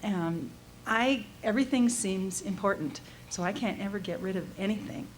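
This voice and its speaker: A woman's voice: medium pitch, moderate pace, slight background noise, poor audio. A woman at a workshop, speaking in an uncertain, searching way. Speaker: workshop participant.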